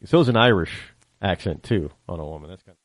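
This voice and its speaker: Male podcast host, from the northern US, casual rambling monologue, very expressive pitch. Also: fast talker, dry recording. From northern United States. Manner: animated rambling storytelling.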